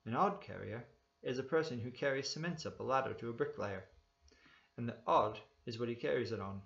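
A man reading a story aloud, voicing a soft-spoken, oily, rat-faced hitchhiker. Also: medium pitch, fairly quick, gravelly, echoey room, lo-fi sound. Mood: innocent, oily.

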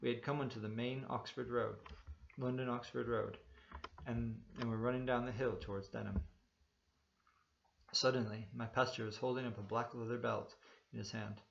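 A man narrates a story in an even, measured way, his voice carrying a gravelly rasp. The sound is dull and lo-fi, with the highs rolled off. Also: slight background noise. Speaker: audiobook reader. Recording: dull lo-fi recording.

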